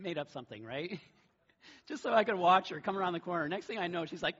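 A man's voice: sits high, lively intonation, fairly quick, slightly rough, highs cut off. A middle-aged man preaching a sermon, telling stories in a conversational way and laughing now and then. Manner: conversational storytelling with a warm laugh. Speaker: pastor.

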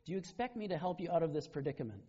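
Preacher doing a stern voice from the sky, calm and questioning, mellow tone. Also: male voice, a little high, very fast, breathy edge. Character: booming male divine voice from the sky. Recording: dull lo-fi recording.

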